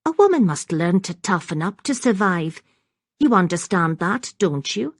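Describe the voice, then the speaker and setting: A woman doing a soft, lilting Scottish temptress. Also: on the low side, very animated, moderate pace, dry recording, studio quality, pitched above the performer's own voice. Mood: teasing. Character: refined young Highland woman, sly and teasing.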